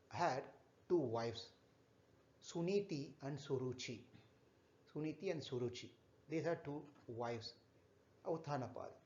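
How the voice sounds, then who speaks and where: A man with a slightly mellow voice on the high side teaches a children's class, haltingly retelling a scripture story. He repeats himself and stops to quiz the kids. The room recording is echoey and dull.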